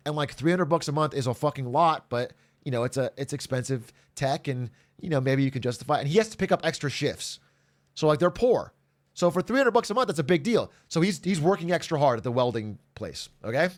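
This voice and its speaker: A man's voice: mid-range voice, fairly quick. A man streaming to his chat, casually retelling an episode with lots of laughter and acted-out voices. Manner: animated storyteller, acts out characters, laughs often, swears.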